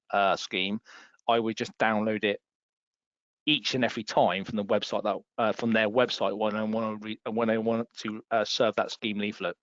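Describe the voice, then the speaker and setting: A man's voice: medium pitch, dry recording. A man presenting a webinar on landlord rules, explaining patiently and repeating key points for emphasis. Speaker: property law trainer. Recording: dull lo-fi dry sound.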